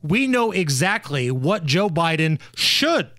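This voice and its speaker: A man's voice: on the high side, big pitch swings, slow, fairly bright tone, dry recording, clean studio sound. A male podcast host in casual comedic chat, setting up bits with a wry, sarcastic delivery.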